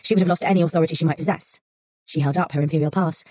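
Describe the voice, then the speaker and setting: A woman narrating an audiobook in a soft, unhurried storytelling voice. Her tone is low, dark and husky. The recording is dry and close. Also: fairly even intonation, no echo.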